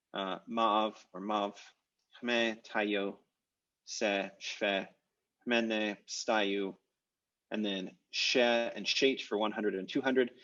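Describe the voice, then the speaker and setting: A man's voice: lowish voice, a bit bright, lo-fi sound. A man teaching a live online language class over a video call, explaining step by step with many "uh"s and "um"s. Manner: explanatory, with frequent "uh" and "um".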